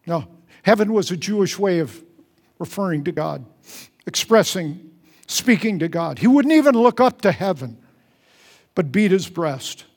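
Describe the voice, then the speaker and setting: A man preaching a sermon as pastor, earnest, repeating phrases and dropping softly for prayers. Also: lively intonation, unhurried, pauses often, breathy edge. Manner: earnest, repeats phrases, drops to soft low tones for prayers. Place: large church hall. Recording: long hall reverb.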